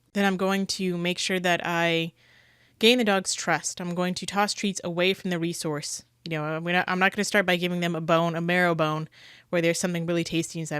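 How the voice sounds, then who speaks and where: A woman speaks in casual, earnest commentary, pushing back on what she hears with a critical edge. Her voice sits a little low, and the recording is dry and close with no room sound. She often stops mid-phrase and starts over. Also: a bit bright, clear, resonant tone, no room sound. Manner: earnest, critical, frequent restarts. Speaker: commentator reacting to dog-training clips.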